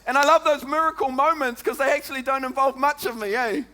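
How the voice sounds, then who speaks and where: High, bright New Zealand preacher man. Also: quick pace. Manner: lively, chatty preaching with frequent "come on" and "eh?". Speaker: pastor. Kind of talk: sermon.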